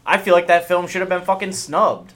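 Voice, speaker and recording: A man's voice: high voice, a little fast, fairly bright tone. A man co-hosting a podcast, chatting casually and crudely, swearing a lot and laughing often. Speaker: podcast co-host. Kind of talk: casual profane chat watching TV.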